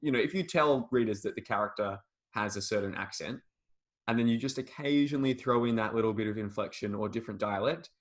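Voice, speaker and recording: A man's voice: fairly low pitch, fast talker. Chatty man, casual podcast co-host. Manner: chatty, laughs often, many fillers. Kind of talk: casual chat about writing.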